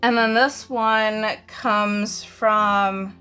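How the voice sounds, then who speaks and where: A woman's voice: mid-range voice, fairly even intonation, extremely slow, sharp tone, clear, resonant tone, faint music behind. A woman hosting a crafting channel, chatting casually and rambling with lots of fillers and frequent giggles. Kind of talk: casual show-and-tell chat.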